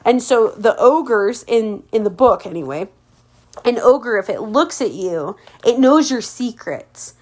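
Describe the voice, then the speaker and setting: A woman's voice: a little high, expressive, a little slow, darkish tone. Casual woman reading a storybook aloud. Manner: informal, corrects own slips. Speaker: audiobook reader for a relative. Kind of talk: casual read-aloud with commentary.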